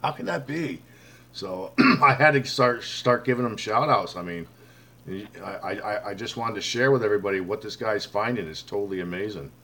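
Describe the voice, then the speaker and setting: A man's voice: fairly low pitch, moderate pace, fairly bright tone. A man hosting a casual live stream, chatting loosely with viewers, greeting them by name and calling them bud. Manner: rambling, reads viewer comments aloud; frequent fillers and restarts. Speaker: livestream host.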